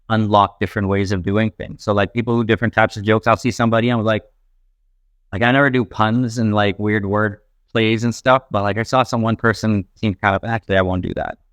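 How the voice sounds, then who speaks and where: A young stand-up comedian from a Pakistani family who grew up in Texas, telling stories in a rambling, animated way full of fillers. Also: male voice, on the low side, normal speed, clear, resonant tone, no echo. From Pakistani family, raised in Texas, later Canada. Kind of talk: casual interview talk.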